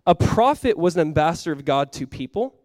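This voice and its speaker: A young man with a notably high voice preaches with animated, casual energy, talking to his congregation as if chatting with friends. The sound is dry and close, with almost no room around it. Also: fairly quick, dry recording. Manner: animated, conversational preaching with frequent "like". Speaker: pastor. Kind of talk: sermon.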